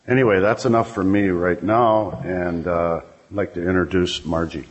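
A man sharing his thoughts at a recovery meeting, halting and restarting often before he introduces the next speaker. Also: low voice, muffled recording. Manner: halting, many fillers and restarts. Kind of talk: personal sharing to a group.

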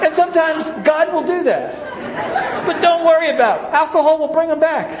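A man speaking to a meeting about recovery, telling humorous, animated stories, recorded in a roomy hall with an audience. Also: extremely high pitch, a little fast, dull audio, a crowd in the background, noisy background. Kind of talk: storytelling talk to a meeting.

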